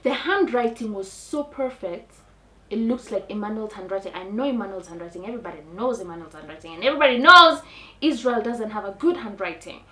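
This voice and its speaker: A young woman with a Kenyan accent telling a comic personal story in a dramatic, animated way. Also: mid-range voice, a little fast. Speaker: storyteller on a talk show. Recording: echoey room, mic at a distance.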